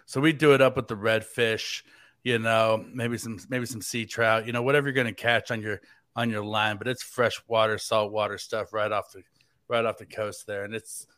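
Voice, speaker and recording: A man's voice: medium pitch, a bit bright, no echo, clean studio sound. A man hosting a sports podcast, talking in a joking, rambling, playful way. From United States. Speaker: fill-in podcast host. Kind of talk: casual sports podcast banter. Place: living in Tampa, Florida.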